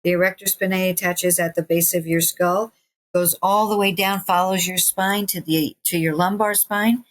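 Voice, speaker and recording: A woman in her sixties, a guest on an interview podcast, who tells stories in an animated way, laughing often and acting out what people said. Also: fairly low pitch, moderate pace. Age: 60s. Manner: animated, acts out quoted voices, laughs often. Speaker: guest, stretching teacher. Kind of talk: casual interview storytelling.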